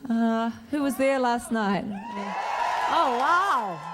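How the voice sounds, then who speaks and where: A woman's voice: fairly high pitch, expressive, takes it slowly, shouting, over a noisy crowd, heavy background noise. A woman answering fan questions as an actor guest at a convention, chatty and self-deprecating, speaking into a stage mic in a large hall. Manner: chatty, joking, self-deprecating, restarts often. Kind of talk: convention Q&A panel.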